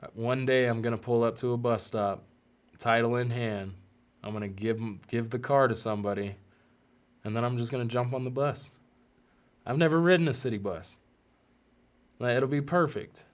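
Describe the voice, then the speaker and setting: A man hosting a podcast, speaking earnestly and emotionally in a heartfelt personal monologue, his voice softening and catching at times. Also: mid-range voice, normal speed, long pauses. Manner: earnest and emotional, often choked up. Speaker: podcast host.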